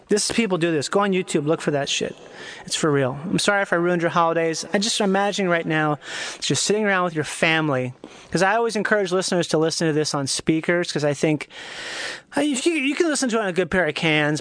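Alone on his podcast, a male host rambles and swears through a loose comedic monologue, constantly interrupting and restarting himself. His voice is a little high and somewhat bright, with no room sound.

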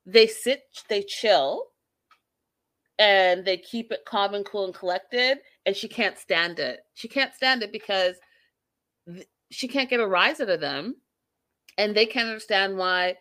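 Bright-voiced woman doing a casual recap vlog, blunt, opinionated, swears a lot. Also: mid-range voice, unhurried, dry recording. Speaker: reality TV recapper.

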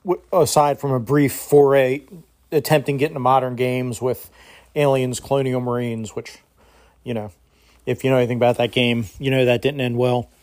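A man's voice: medium pitch, darkish tone. Friendly man leaving a voice message. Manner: friendly, casual, a bit rambling. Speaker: caller. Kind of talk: recorded voice message.

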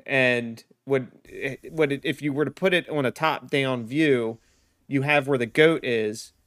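A man's voice: medium pitch, unhurried, a bit bright, no room sound, studio quality. A man co-hosting a casual film podcast, explaining a scene in a rambling way with many restarts.

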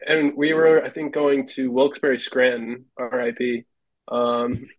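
A man's voice: mid-range voice, monotone, measured pace, no echo, poor audio. A man, a former hockey goalie, telling rambling stories as a podcast guest and laughing often. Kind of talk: casual storytelling.

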